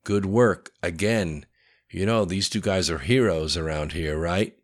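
A man's voice: sits low, unhurried. A man voicing Riker, a gracious president. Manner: gracious, welcoming. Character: warm, gracious male president.

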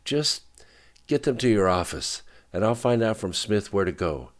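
An audiobook narrator voicing a woman woken in the night who turns sharp and rattled. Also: lowish voice, sing-song, normal speed, pitched above the performer's own voice. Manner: groggy then sharp and rattled. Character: woman, Bet, jolted awake into alarm. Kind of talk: audiobook character voice.

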